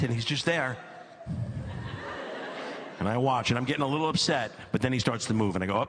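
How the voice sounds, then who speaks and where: A middle-aged man doing stand-up comedy on stage, telling a long story with repeated phrases and mounting exasperation. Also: fairly quick. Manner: animated storyteller, repeats phrases for comic effect, climbs high when exasperated. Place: comedy stage before a live audience.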